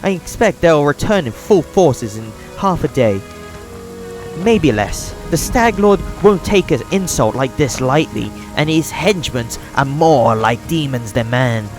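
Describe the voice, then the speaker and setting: A gruff middle-aged trader from a fantasy game, as a man puts him on, with a hammy foreign-sounding lilt. The voice sits higher than a plain speaking voice and swings widely in pitch, with a faint bed of music behind. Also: expressive, a little slow, low-quality recording. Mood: indignant. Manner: theatrical, attempted foreign accent.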